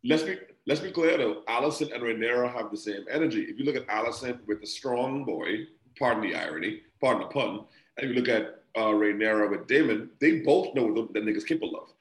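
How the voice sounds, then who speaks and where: A man co-hosting a casual podcast chat, excitable and full of slangy banter. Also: mid-range voice, brisk, few pauses, reverberant. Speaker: podcast co-host.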